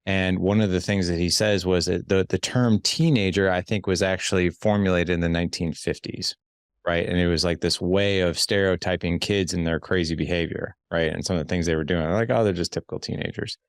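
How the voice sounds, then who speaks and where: Deep-voiced emphatic male podcast host. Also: clean tone, dry recording, clean studio sound. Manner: emphatic, repeats words while thinking. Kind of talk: casual interview chat.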